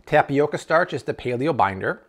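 Excitable, lively-pitched man reviewing groceries. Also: normal speed. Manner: excitable, exclaiming, tasting on camera. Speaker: food vlogger. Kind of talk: enthusiastic grocery haul review.

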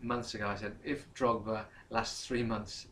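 A man's voice: fairly low pitch, flat delivery, normal speed, pushed and bright, far from the mic, a little hiss or hum. A man co-hosting a casual football chat, jokey and rambling, tossing in bits of French. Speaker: vlog co-host.

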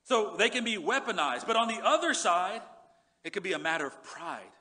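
Man preaching, high voice, bright tone, earnest, repeats words, drops soft on scripture. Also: sing-song, normal speed. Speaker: pastor. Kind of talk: sermon. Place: church sanctuary.

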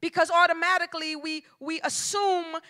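A woman pastor delivers a sermon in a church sanctuary. Her voice sits very high and sounds bright and ringing. She talks in a folksy, colloquial way, drops low for emphasis and then builds to loud, shouted lines. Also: little pitch movement, moderate pace. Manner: emphatic preaching with call-and-response cadence, swinging from hushed to shouted.

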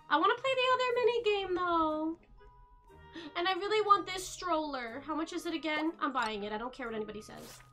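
A woman streamer with a high, bright voice chatters to viewers during casual gameplay commentary, gasping excitedly at every new find. Game music plays faintly in the background.

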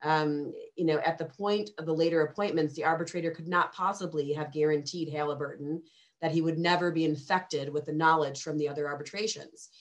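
Low-voiced woman speaking on a legal panel. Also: steady tone. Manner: measured, precise, quotes legal text carefully; frequent fillers and small restarts. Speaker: arbitration lawyer on a panel. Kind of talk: webinar panel talk.

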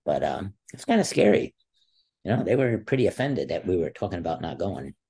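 Gravelly deep-voiced older man storyteller. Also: sing-song, fairly quick, dark tone. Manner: vivid storyteller who acts out quoted voices. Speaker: guest, former wrestler and teacher. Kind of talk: storytelling interview talk.

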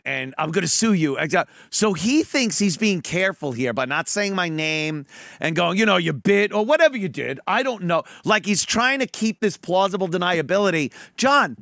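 A man hosts a podcast with sarcasm and a lot of swearing, slipping into mocking impressions. His voice is high for a man and gravelly, and it swings all over. The sound is dry and close. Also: expressive, moderate pace, sharp tone, no echo. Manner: sarcastic, profane, mimics people in a put-on voice. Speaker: podcast host. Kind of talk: mocking commentary on played clips.

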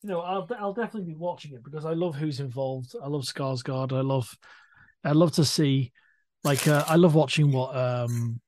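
A man's voice: a little high, darkish tone, dry recording. Guy podcasting, middle-aged, rambly and keen, dry close sound. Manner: rambling, halting, enthusiastic. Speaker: podcast co-host. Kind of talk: casual chat.

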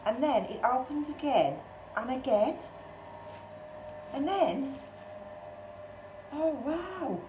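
A woman's voice: sits high, very animated, slow pace, long pauses. A woman chatting casually as she unboxes a parcel on her craft channel, gushing and exclaiming often. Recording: tinny, echoey, noisy room sound.

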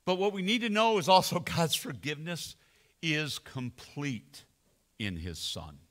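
Male senior pastor, dramatic sermon delivery, unhurried, bright and forceful. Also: fairly high pitch, animated. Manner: slow dramatic preaching, swelling and dropping to near whisper.

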